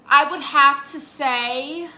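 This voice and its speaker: A woman comedian hosts a casual live stream, reading viewer comments in a sassy, teasing, chatty way and slipping into exaggerated put-on voices for the quotes. Her voice is high and sharp, she speaks slowly, and the recording is rough.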